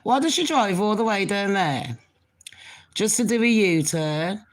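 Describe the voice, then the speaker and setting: Expressive and measured in pace, this medium-pitched middle-aged woman rambles cheekily to her audience as a vlogger. She is chatting casually to camera despite a cold and a cough.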